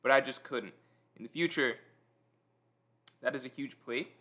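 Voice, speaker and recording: Eating on camera, this livestream host chats loosely with his viewers at a normal speed in a medium-pitched male voice. His manner is easygoing and self-mocking, and he reads out what people type in chat.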